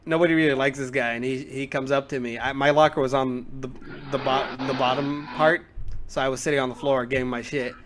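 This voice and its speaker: A man's voice: medium pitch, fairly bright tone. A young man telling school stories on a casual podcast, rambling with many fillers and acting out quotes. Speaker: podcast co-host. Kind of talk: casual storytelling.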